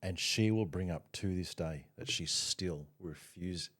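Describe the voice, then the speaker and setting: Deep-voiced reflective man. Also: a little slow, fairly bright tone. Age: middle-aged. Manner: reflective, questioning himself. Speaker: podcast co-host. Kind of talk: casual chat.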